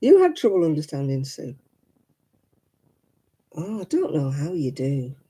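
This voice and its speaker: A man's voice: a little high, wildly swooping pitch, unhurried, warm tone, husky. A man hosting a crafting livestream, chatting casually with viewers, laughing often and answering comments. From Manchester, England.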